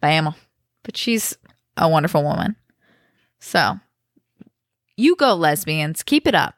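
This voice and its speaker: A young woman on a home podcast with a lowish voice that swings all over as she jokes and riffs with her co-host. The sound is dry and close, recorded in a living room. She talks in a loose, playful way, full of quips. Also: big pitch swings, measured pace, dry recording. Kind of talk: casual chat.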